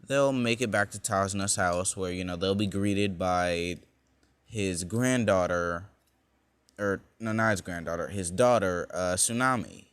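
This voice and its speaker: Low, slow, rambling young man. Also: fairly bright tone, clear, resonant tone, dry recording. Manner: rambling, many fillers and self-corrections. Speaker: storyteller. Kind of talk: casual fan storytelling.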